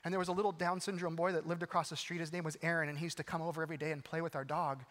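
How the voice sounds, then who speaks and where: Middle-aged male pastor, earnest storyteller, slightly high voice, big hall reverb. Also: flat delivery, rapid-fire. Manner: earnest storytelling, swings from urgent to hushed. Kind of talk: sermon with personal story.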